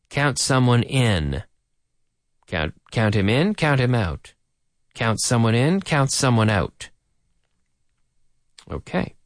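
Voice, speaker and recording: A man's voice: medium pitch, no room sound, clean studio sound. A middle-aged man teaching an English lesson, playfully drilling words by repeating them with a rhythmic da-da-da. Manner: playful, animated delivery.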